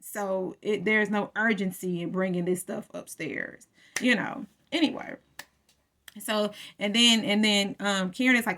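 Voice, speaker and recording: A woman's voice: mid-range voice, steady tone, measured pace, fairly bright tone. A woman casually recapping a TV episode in a chatty storytelling way, acting out the characters' lines as she goes.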